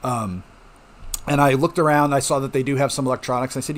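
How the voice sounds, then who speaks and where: A man's voice: medium pitch, steady tone, a little fast. Chatty man explaining things casually. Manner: chatty, reassuring, frequent "okay?" check-ins. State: coughing at times. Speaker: home mining channel host. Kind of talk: casual explanatory talk to viewers.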